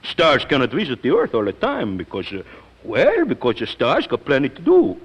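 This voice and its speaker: An actor playing a fond older Italian singing teacher who speaks broken English with an Italian accent, emotional and hesitant, in a 1940s radio drama. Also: male voice, mid-range voice, huge pitch swings, normal speed, breathy edge. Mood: wry. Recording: scratchy 1940s radio recording.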